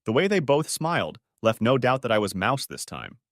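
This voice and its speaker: A man's voice: mid-range voice, sing-song, moderate pace, dry recording, clean studio sound. A man narrating a first-person story audiobook in a wry, conversational way.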